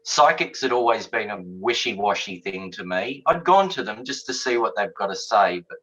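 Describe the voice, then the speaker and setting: A man's voice: on the low side, normal speed, breathy edge. A middle-aged man, an interview guest, telling a personal story casually and acting out the conversations he recalls. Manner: animated, acts out quoted conversations. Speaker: guest author. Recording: dull lo-fi audio.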